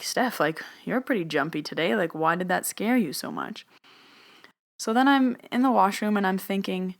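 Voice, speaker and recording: A woman's voice: lowish voice, fairly bright tone. A young adult woman, a medium, telling a story in a casual, chatty way, often saying "like" and acting out what she and others said. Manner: chatty, says "like" often, quotes herself and others.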